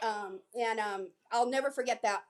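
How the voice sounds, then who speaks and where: An older woman telling a story as a guest in a casual interview, chatty and animated, acting out what people said. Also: fairly high pitch, normal speed. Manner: chatty, animated, acts out quotes. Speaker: guest, former featured extra.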